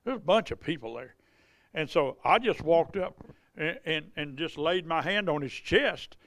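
In this sermon of healing testimonies, the revival preacher sounds animated, speaking at normal speed in a voice that sits on the high side with a fairly bright tone. His pulpit manner is folksy and conversational, with plenty of repeats and restarts.

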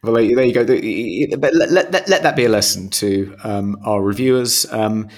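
A man's voice: on the low side, normal speed. A man co-hosting a podcast in casual chat, with a dry, mock-formal, wry manner. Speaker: podcast co-host.

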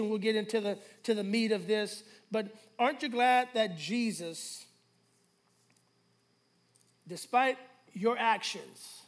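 A pastor delivers a sermon that draws call-and-response from his congregation. His high-sitting voice swings between hushed and loud, slow phrases.

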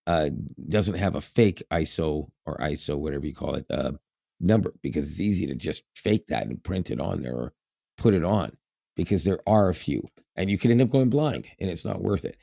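A podcast co-host with a very low, gravelly, slightly mellow voice chats casually, rambling, laughing often, and filling pauses with "uh" and "um." The recording is dry and close-miked, with no room sound.

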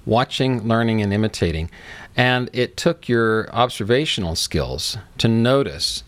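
A man's voice: medium pitch, animated, measured pace. A man hosting a podcast interview, echoing and affirming his guest's points with some fillers. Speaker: podcast host.

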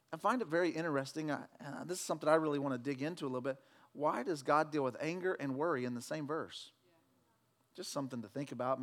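A pastor preaching a sermon, swinging between loud fervent declarations and relaxed, joking talk with the congregation. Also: male voice, on the high side. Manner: preaching with loud emphatic shouts, then conversational with jokes.

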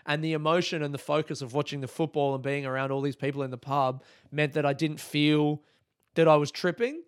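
An Australian man in his thirties, a comedian hosting his podcast, telling a sweary, self-mocking story in a casual, animated monologue. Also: mid-range voice, fairly quick, clean tone, no room sound, studio quality.

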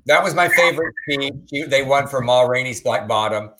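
A man co-hosting a casual news podcast, easygoing and quick to agree. His voice sits at a middle pitch, and he talks in a plain, conversational way. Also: poor audio. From Texas. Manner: relaxed, quick to agree, chimes in. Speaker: podcast co-host.

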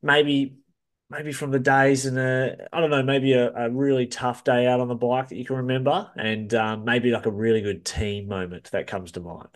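A man, a podcast host asking relaxed, encouraging interview questions. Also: mid-range voice, normal speed. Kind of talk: casual interview.

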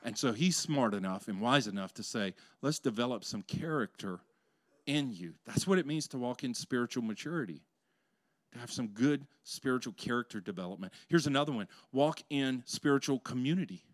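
A male pastor preaching a conversational sermon that swells into loud, passionate peaks. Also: medium pitch, lively intonation, a little fast, dry recording.

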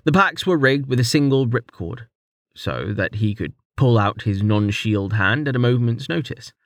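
A man reading a fantasy novel aloud as audiobook narrator, in lively storytelling narration. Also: mid-range voice, normal speed, no echo, studio quality. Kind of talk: scripted narration.

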